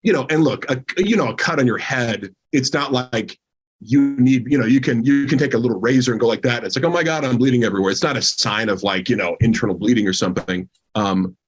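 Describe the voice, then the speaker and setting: A man's voice: medium pitch, brisk. A man telling a rambling story in casual chat, packed with fillers.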